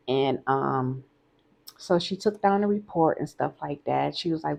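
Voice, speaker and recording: A woman recounts her own story in a candid, conversational way, repeating lines for emphasis. Her voice sits very low, with a gravelly, husky texture. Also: unhurried, darkish tone. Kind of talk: casual storytime vlog.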